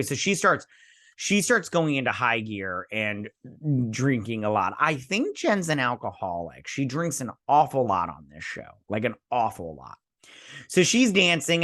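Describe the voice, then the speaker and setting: A man's voice: mid-range voice, fairly bright tone, no room sound, clean studio sound. A man hosting a TV episode review, ranting angrily with lots of swearing and mocking quotes. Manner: angry, profane ranting with mocking put-on quotes.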